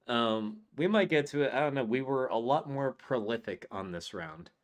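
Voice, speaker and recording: Slow-talking man reading out listener jokes. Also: mid-range voice, expressive. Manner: reads out names and chat jokes with laughs. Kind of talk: casual podcast chat.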